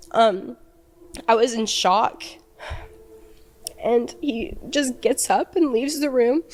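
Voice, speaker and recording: A young woman, an interview guest, recounting a painful personal ordeal in a halting, emotional way, with many fillers and restarts. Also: on the high side.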